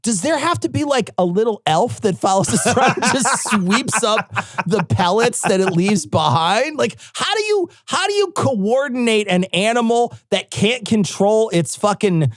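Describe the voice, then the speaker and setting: A middle-aged man co-hosting a podcast in casual comedic chat, animated and profane, jumping into high exclamations. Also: moderate pace, no room sound, clean studio sound. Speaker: podcast co-host.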